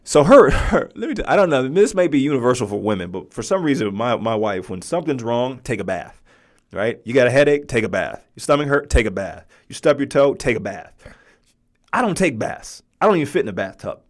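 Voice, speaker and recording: A man in his forties talks through a personal story on his podcast at an ordinary mid pitch. He keeps it conversational and keeps checking in with the listener with a quick "right?". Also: very animated. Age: 40s. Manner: conversational, often asks "right?". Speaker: podcast host.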